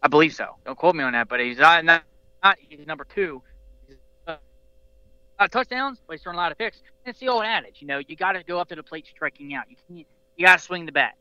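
Bright, clear-voiced man talking sports. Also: a little high, expressive, fast, no echo, dull audio. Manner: rambling, passionate fan, many restarts. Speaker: podcast host. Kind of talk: casual sports talk.

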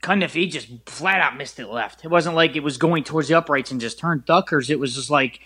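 Excitable man retelling a game. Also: a little high, brisk, breathy edge. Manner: excitable storyteller, many restarts and "like"s. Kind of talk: casual sports talk.

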